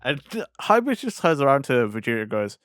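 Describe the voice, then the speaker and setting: A man's voice: medium pitch, very animated, quick pace, a bit bright, no echo. A young man co-hosts a casual podcast, with a mid-range voice. He retells scenes with acted-out quotes and drops in slangy asides like bruh and man. The recording is dry and close. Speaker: podcast co-host. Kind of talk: casual chat.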